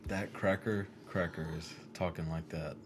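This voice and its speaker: A man with a very low voice chatting casually with friends in a laid-back, joking manner and plenty of swearing. Steady background noise sits under his voice throughout. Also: moderate pace. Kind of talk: casual chat.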